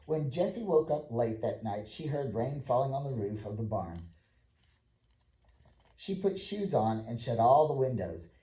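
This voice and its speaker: Male storybook reader: plain, even delivery, mid pitch, roomy room sound. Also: unhurried. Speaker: audiobook reader. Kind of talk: reading a children's book aloud. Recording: echoey room.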